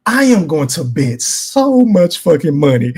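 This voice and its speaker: A man hosting a live podcast delivers an emphatic, profane rant, calling out his chat. His voice sits high and leaps all over the place. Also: big pitch swings, measured pace, darkish tone, husky. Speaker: podcast host. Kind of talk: animated boxing opinion rant.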